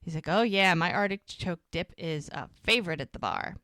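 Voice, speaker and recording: A woman's voice: lowish voice, lively intonation, moderate pace, pushed and bright, no room sound, clean studio sound. A woman co-hosting a podcast, casually recapping an episode and acting out the characters' lines. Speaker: podcast co-host.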